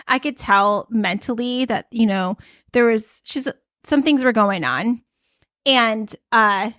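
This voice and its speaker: A young pregnant woman talks through wellness tips in a loose, rambling way, full of fillers. Her voice sits a little high. The recording is close and dry, with no room sound. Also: no echo. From United States. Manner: chatty, rambling, many fillers. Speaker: podcast host. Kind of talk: casual podcast chat giving tips.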